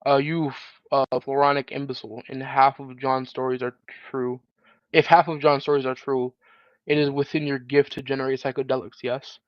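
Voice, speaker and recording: A man's voice: mid-range voice, level tone, moderate pace, dry recording. A man reads comic pages aloud during a live stream, slipping into put-on British voices and saying "effing" in place of swear words. His voice sits mid-range. The sound is dull and dry, as from a plain home setup. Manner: laughs and breaks off to comment.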